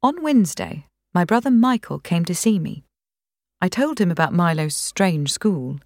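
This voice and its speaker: A woman reading a first-person novel aloud in a calm, measured way. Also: on the low side, dry recording, studio quality. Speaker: narrator. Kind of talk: audiobook reading.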